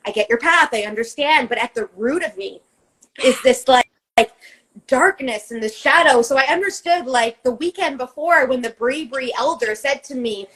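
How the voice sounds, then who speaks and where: A woman's voice: sits high, lively intonation, moderate pace, fairly bright tone, low-quality recording. A woman co-hosting a podcast in casual chat, candid and emphatic, swearing freely and acting out the voices in her head. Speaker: podcast co-host.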